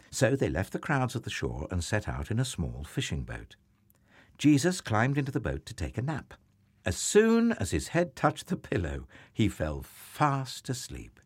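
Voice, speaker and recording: A man with a husky, low voice tells a Bible story with wildly lively pitch, going from soft whispers to big swells. He reads slowly and deliberately, and the sound is close and dry. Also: no echo. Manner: expressive, swings from hushed whispers to loud exclaims. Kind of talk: dramatic Bible story reading.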